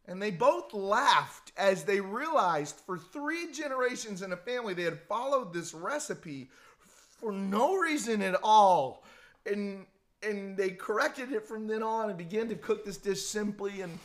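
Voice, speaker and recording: A man's voice: sits high, fairly bright tone. A man giving a conversational devotional talk, telling stories in a folksy way and repeating words as he gathers his thoughts. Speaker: devotional speaker.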